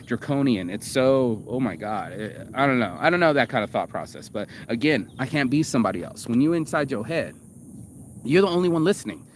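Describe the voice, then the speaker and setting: A man's voice: mid-range voice, lively intonation, a little fast, a little hiss or hum. A man hosting a casual monologue, reacting to a video. He rambles, swears freely and stumbles over fillers and restarts.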